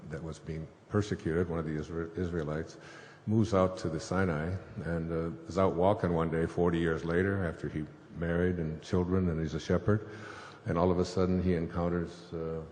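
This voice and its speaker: A man's voice: low voice, flat delivery, moderate pace, darkish tone. A man, a spiritual author, telling a scripture story to an audience in a rambling way, with fillers and chuckles. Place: stage before a live audience. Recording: echoey hall, faint noise.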